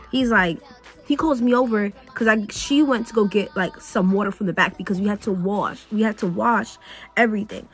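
A young woman vlogger chatting while getting ready, telling a story in an animated, sassy way full of slang. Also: mid-range voice.

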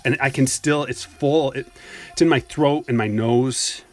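With soft music playing in the background, a man streams himself opening trading card packs, chatty and jokey as he reads chat messages aloud and replies. His card break voice is mid-range, steady, and unhurried, though he sounds a little out of breath.

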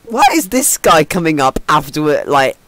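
A man's voice: a little high, very animated, normal speed, a bit bright, a little hiss or hum. A young man chatting loosely on a live stream, laughing and using slang. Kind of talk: casual live-stream chat.

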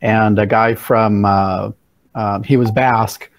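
A man's voice: fairly low pitch, steady tone, slow, no echo. A man sharing a language-learning anecdote in conversation, repeating words as he starts sentences.

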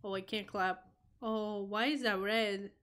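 A young woman streaming a horror game, reacting out loud, swearing and talking to the game as she plays. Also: medium pitch, steady tone, unhurried. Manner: jumpy, swearing, talks to the game. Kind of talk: live gameplay reaction.

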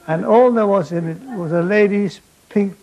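An older man telling comic stories on stage in a rambling, deadpan way, with an audience laughing. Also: sits high, moderate pace, lo-fi sound, noisy background. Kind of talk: stage storytelling.

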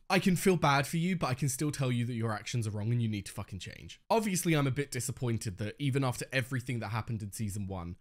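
Expressive young male reaction host, casual and foul-mouthed, lively pitch. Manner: animated, swears freely, laughs often.

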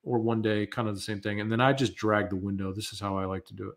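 A man with a fairly low voice and an American accent runs a live webinar Q&A. He speaks in a loose, conversational way, full of fillers and restarts, as he answers questions from viewers. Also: level tone, fast talker. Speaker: webinar presenter.

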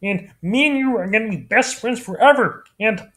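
Man voicing a squeaky nasal frog puppet, high and loud, fond and sweet. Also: lively intonation, moderate pace. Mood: affectionate.

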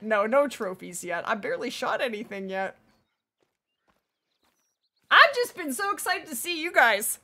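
High, lively woman streamer. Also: normal speed. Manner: chatty, thanks viewers warmly by name. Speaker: live streamer. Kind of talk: casual live-stream chat.

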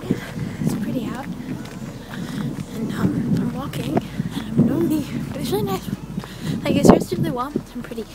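A young woman chatting casually to her phone camera as she walks along a canal, giggly and sometimes dropping to a quiet murmur. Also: high-pitched, moderate pace. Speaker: vlogger. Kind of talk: casual walking vlog. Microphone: handheld broken phone camera. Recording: loud noisy lo-fi phone recording.

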